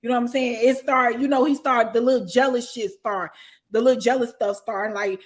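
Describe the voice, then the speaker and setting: A middle-aged woman tells her story in a casual chat, and her voice sits high. She talks bluntly and curses freely. She laughs loudly and often breaks into shouts. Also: fairly even intonation, fairly quick. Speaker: storyteller guest.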